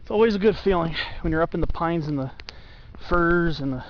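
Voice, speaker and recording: A man with a high voice narrates his mountain hike outdoors, gushing about the trees to his camera. The sound is dull and lo-fi, with faint outdoor noise behind him. He talks casually and eagerly as he walks the trail. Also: brisk. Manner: enthusiastic, gushing over the trees, talks to the camera while walking. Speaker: hiker filming his hike. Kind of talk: casual hiking vlog narration.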